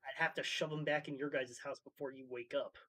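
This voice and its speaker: Regular guy, chill chatty voice, mid pitch, kinda mulling stuff over out loud. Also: a little fast, low-quality recording. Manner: relaxed, thinking out loud. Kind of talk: casual chat.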